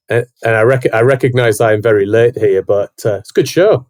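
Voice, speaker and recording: A man's voice: mid-range voice, normal speed, a little mellow. Male co-host, medium voice, self-deprecating humor. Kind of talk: casual podcast chat.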